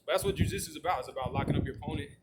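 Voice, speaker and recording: A man's voice: a little high, very fast. A man chatting casually as host, rambling with heavy swearing and lots of fillers. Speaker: channel host. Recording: loud background noise with clicks.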